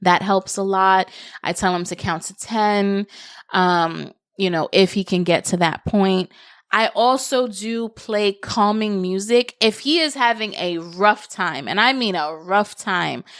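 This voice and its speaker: A young woman hosts her own podcast, talking casually and earnestly about parenting. Her voice is smooth and clear, recorded close and dry with no room sound. She grows animated when recounting stories. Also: medium pitch, takes it slowly, dry recording. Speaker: podcast host. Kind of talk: casual solo podcast talk.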